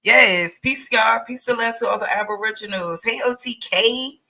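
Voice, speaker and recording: A woman who makes online content, speaking in casual group discussion in a relaxed, sincere way. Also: on the high side, normal speed. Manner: relaxed, sincere, laughs easily.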